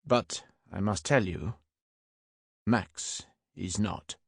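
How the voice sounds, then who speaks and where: A man voicing a wary, knowing middle-aged Frenchman who speaks slow, deliberate English with a French accent. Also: deep voice, creaky, breathy edge, no room sound, studio quality, exaggerated voice.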